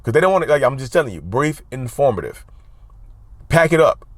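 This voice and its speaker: A mental health channel host talks through a casual advice monologue in a mid-range, sing-song, brisk voice on a dry recording. He hammers his points by repeating key words and addresses viewers as "y'all."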